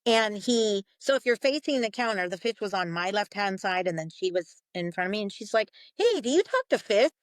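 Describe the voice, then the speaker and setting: A woman's voice: medium pitch, fairly quick, hardly any pauses, no echo. A woman, a psychic medium guest, telling a story in an interview, acting out the voices she quotes and laughing often.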